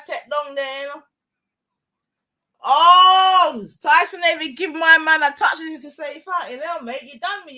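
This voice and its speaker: A young woman, giving excitable, slang-heavy live commentary on a fight and shouting often. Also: sits high. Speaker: watch-along streamer.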